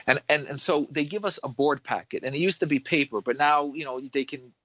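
A man's voice: a little high, a little fast, a bit bright, no room sound. New york guy, dentist, rambling podcast chat, restarts a lot, dry dull-ish sound. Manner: rambling storyteller, lots of restarts. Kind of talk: casual chat.

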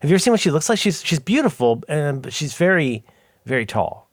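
A man's voice: on the high side, big pitch swings, brisk, no echo. Middle-aged guy podcast host, rambly and jokey, keeps cutting himself off, dead dry sound. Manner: rambling, self-interrupting, jokey storytelling. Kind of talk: casual chat.

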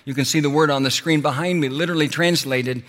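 A male pastor preaching a sermon, rising to loud passionate peaks and then dropping soft and slow. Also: fairly high pitch, big-room sound.

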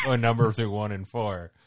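A man's voice: lowish voice, a little slow. A man co-hosting a comedy podcast, telling rambling stories in casual banter. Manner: rambling, laughing storyteller. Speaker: podcast co-host.

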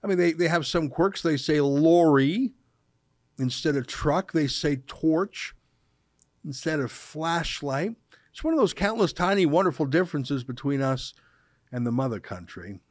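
A man's voice: on the high side, lively intonation, measured pace, no room sound, clean studio sound. Sarcastic male commentary host. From Canada. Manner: sarcastic, mocking, emphatic. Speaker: show host. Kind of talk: opinion commentary monologue.

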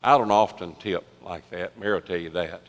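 A man preaching a sermon, telling a story with lively swings between loud excitement and soft hushed tones. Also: low voice, brisk, faint music behind. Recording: long reverb of a large hall.

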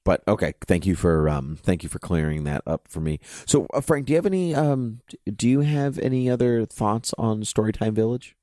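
A man with a very low, deep voice co-hosting a podcast in a loose, casual chat. He rambles through his thoughts and fills his sentences with "you know". The sound is dry and close, with no room echo. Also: lively intonation, brisk, few pauses, warm tone. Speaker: podcast co-host.

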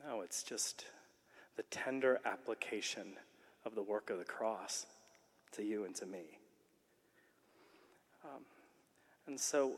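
A man giving a sermon-like conference talk, earnest and animated as he tells a story. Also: mid-range voice. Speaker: conference speaker. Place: large conference hall. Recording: long reverb of a large hall.

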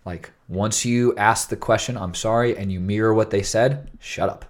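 A man's voice: lowish voice, fairly even intonation, normal speed. A man co-hosting a casual chat, telling a story enthusiastically with plenty of casual filler words. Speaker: podcast co-host.

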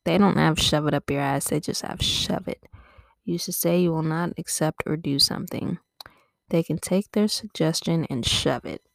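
A woman hosting a comedy podcast, rambling and swearing freely as she riffs. Her mid-pitched voice has a gravelly edge, and the sound is close and dry with no room echo. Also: moderate pace. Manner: profane, rambling, playful. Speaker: podcast host. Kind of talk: casual comedic riffing.

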